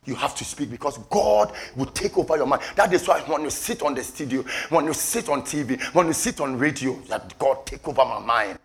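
A man preaching a sermon with passion, repeating phrases for emphasis and swinging from low murmurs to shouted peaks. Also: animated, fairly quick, few pauses.

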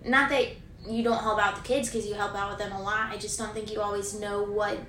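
A woman co-hosting a podcast with her husband, talking earnestly and reflectively in casual chat, quick to laugh. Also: mid-range voice, flat delivery, a bit bright, distant mic. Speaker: podcast co-host. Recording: roomy echo from off-mic, faint noise.

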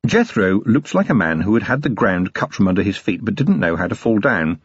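A man reading a novel aloud as an expressive storyteller. His voice is a touch husky and moves animatedly in pitch. The recording is dry and lo-fi. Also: a little fast, no room sound. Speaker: audiobook narrator. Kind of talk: scripted narration. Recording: dull, dry audiobook recording.

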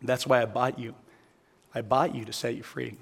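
A man's voice: medium pitch, little pitch movement, moderate pace, vocal fry, husky, voice pushed down. A man voicing a kind gold miner who speaks earnestly and pleads. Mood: pleading. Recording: echoey hall.

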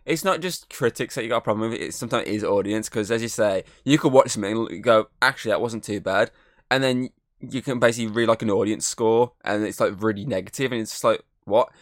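Talking fast in a fairly low voice, this podcast co-host keeps the casual chat loose and meandering, peppered with fillers and curse words. The recording is dry and of studio quality.

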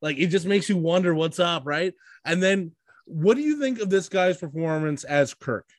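Podcast co-host, male, slightly high voice, excitable and profane, dry close sound. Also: normal speed, no echo. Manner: excitable, many fillers and swearing. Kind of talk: casual chat.

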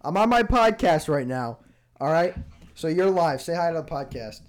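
A young man, fairly high-voiced for a man, hosts a loose podcast chat with his friends. He talks in an animated way and laughs often. He pushes back on their teasing with good humor. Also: normal speed. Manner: animated, laughing, defensive banter. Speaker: podcast host. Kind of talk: casual chat among friends.

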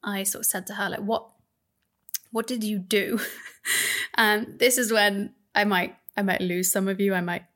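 A woman's voice: medium pitch, steady tone, moderate pace, long pauses, a bit bright. Candid woman telling a personal story. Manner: candid, chatty, laughs as she speaks. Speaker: podcast host.

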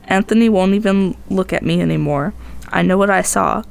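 A woman's voice: medium pitch, normal speed, creaky. A woman podcast host narrating a tense first-person tale in a dramatic storytelling manner.

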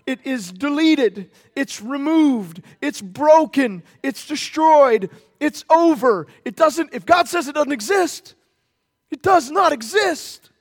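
A man with a very high-pitched voice preaches a sermon with strong emphasis. He slows to hammer key words, then rushes through playful asides where he acts out the characters. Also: animated. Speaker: pastor.

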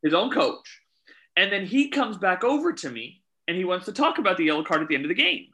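A man chatting casually, telling animated stories about refereeing youth soccer and quoting the people involved. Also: sits high, fairly quick, poor audio. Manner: animated storyteller, quotes himself and others. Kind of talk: casual chat, storytelling.

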